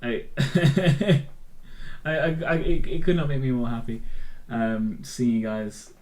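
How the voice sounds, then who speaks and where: A man's voice: mid-range voice, steady tone, unhurried, a little mellow, low-quality recording. Rambling, jokey young man. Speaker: streamer and show host. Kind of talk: casual livestream chat reading comments.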